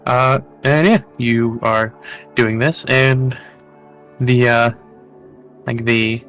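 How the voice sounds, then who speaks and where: A man running a tabletop game as game master, describing the scene slowly. His voice is bright and forward, and he hesitates often with fillers and restarts. Faint music plays underneath. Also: mid-range voice, fairly even intonation. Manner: halting, full of fillers and restarts.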